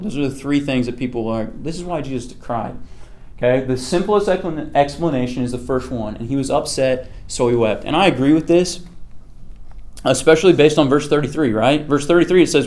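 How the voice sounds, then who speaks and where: A man leads a relaxed Bible study, reading passages aloud and then talking them through. His tone is conversational, and he often pauses to ask his listeners "okay?". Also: medium pitch. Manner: conversational, checks in with frequent "okay?"; reads scripture aloud, then explains it. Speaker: Bible teacher.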